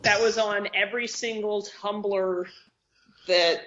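A woman co-hosting a casual podcast chat, excitable and quick to swear, often restarting her sentences. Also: medium pitch. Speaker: podcast co-host. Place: living in Australia. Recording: slightly dull lo-fi podcast audio.

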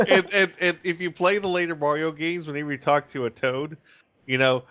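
A man co-hosting a podcast in casual chat, quick to joke, often stumbling over repeated words. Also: on the high side, fairly even intonation, bright, forceful tone. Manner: quick to joke, stammering restarts. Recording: dull lo-fi podcast audio.

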